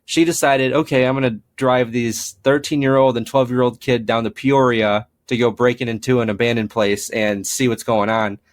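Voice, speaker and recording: A man's voice: medium pitch, fairly even intonation, moderate pace, hardly any pauses. Young man telling rambling ghost stories. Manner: rambling, frequent fillers, acts out quoted dialogue. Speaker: paranormal investigator guest. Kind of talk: casual storytelling interview.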